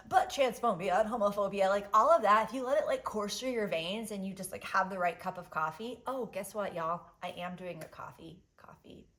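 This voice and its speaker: A woman in her thirties hosting a solo podcast in casual chat, animated and blunt, swinging between loud outbursts and quiet asides, with lots of "like" and "um". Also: medium pitch. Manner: swears freely, fillers like "like" and "um". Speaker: podcast host.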